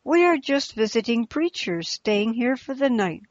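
A woman voicing a gentle, devout male preacher who speaks earnestly, in a slightly muffled recording. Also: on the high side, sing-song, a little slow, no room sound. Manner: pleading, earnest.

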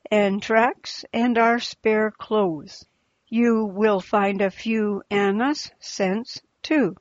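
A woman voicing a gentle, devout male preacher who speaks earnestly, in a slightly muffled recording. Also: mid-range voice, no echo, natural voice. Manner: pleading, earnest.

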